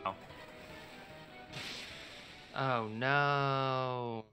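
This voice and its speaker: A man's voice: mid-range voice, steady tone, drawn-out words, bright, forceful tone, faint music behind. A man hosting a let's play, casually reacting and reading game text aloud. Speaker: gaming channel host.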